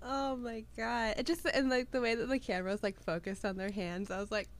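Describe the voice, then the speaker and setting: A woman's voice: a little high, steady tone, fairly quick. Giggly young woman gushing about a show. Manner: giggly, gushing, lots of fillers. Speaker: podcast co-host. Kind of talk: casual chat.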